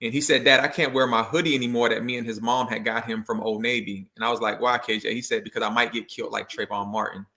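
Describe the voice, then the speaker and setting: A man with a bright, forward voice at middle pitch tells a personal story as a guest in a video interview. He talks in a loose, animated way, with plenty of likes. He lifts his voice when he acts out what people said. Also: quick pace, few pauses. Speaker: motivational speaker and education consultant guest.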